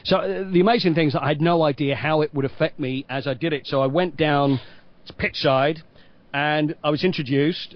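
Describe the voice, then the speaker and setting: A middle-aged man with an English accent, a stadium announcer telling long, animated anecdotes as a podcast guest. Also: mid-range voice. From England. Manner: lively storyteller, acts out quoted voices. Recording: dull lo-fi podcast audio.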